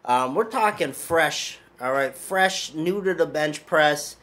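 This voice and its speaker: A man's voice: on the high side, lively intonation, slow pace, a bit bright. A man hosting a casual strength-training podcast as a coach, talking in an upbeat, loose, conversational way.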